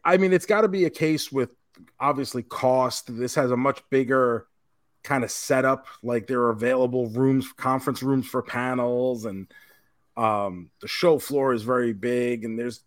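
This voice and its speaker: A man's voice: mid-range voice, steady tone, normal speed, no room sound, studio quality. A man co-hosting a podcast, telling a convention story in casual chat and swearing now and then. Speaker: podcast co-host.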